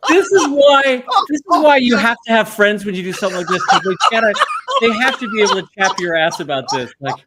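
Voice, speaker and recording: A man talks casually from his art studio over a webcam, animated and quick to laugh at himself. His voice sits a little high. The sound is a plain video-call feed. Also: background noise. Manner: animated, laughing, self-deprecating. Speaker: guest cartoonist. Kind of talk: casual chat.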